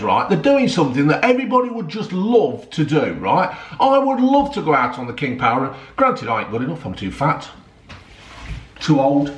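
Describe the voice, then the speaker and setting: A man's voice: sits high, reverberant. A middle-aged man, ranting heatedly about football, swearing often and rambling with lots of "right?" and "yeah?". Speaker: football vlogger. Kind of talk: ranting vlog.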